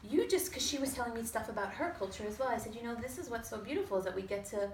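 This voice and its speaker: A woman telling a lively personal story to a small audience, acting out other people's voices and swearing casually. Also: fairly high pitch, quick pace. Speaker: storyteller on a talk show. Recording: roomy sound from a distance with faint noise.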